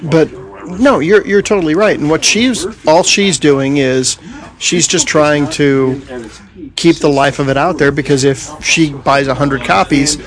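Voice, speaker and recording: A man's voice: on the high side, measured pace. A man who is a comic creator guesting on a podcast in a comic shop, upbeat and jokey. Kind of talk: casual chat. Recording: crowd noise behind.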